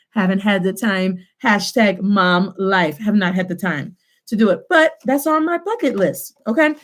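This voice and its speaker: An animated woman in her thirties, teaching from home and switching back and forth between English and Spanish. She has an average pitch and teaches with playful energy. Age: 30s. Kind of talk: online lesson, teaching Spanish phrases.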